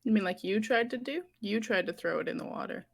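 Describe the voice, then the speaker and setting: A woman's voice: mid-range voice, fast talker, gravelly. A woman playing a tabletop game, teasing and questioning the game master's character. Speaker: player. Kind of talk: casual tabletop play.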